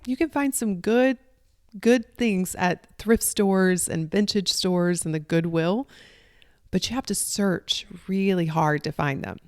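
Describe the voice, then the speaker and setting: A woman's voice: mid-range voice, darkish tone, dry recording, clean studio sound. A middle-aged woman from the Southern United States with a country Southern accent, hosting a solo podcast in an earnest, conversational way. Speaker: podcast host, life coach.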